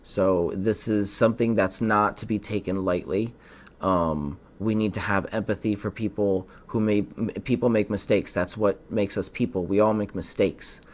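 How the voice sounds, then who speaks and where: A man's voice: fairly low pitch, fairly even intonation, normal speed. A man hosting a podcast, giving earnest political commentary and often stumbling over his words. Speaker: podcast host.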